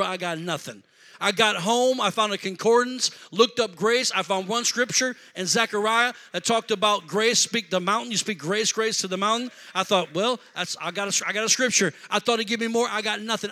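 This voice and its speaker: A male pastor preaching a sermon, telling a story and swinging from quiet talk to shouting. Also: sits high, brisk.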